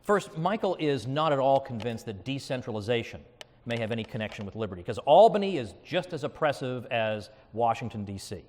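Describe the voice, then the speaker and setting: A man hosting and arguing in a live debate before an audience, wry, quick and argumentative. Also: medium pitch, expressive, darkish tone. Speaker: debater and podcast host. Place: event hall before an audience. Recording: long hall reverb.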